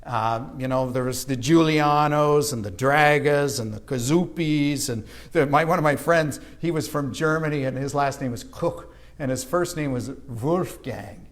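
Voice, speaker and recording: A man's voice: medium pitch, unhurried, few pauses. A man from Canada preaching a sermon, telling a childhood story and acting out the voices of people in it. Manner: storytelling, animated with acted-out quotes. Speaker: pastor. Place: church sanctuary.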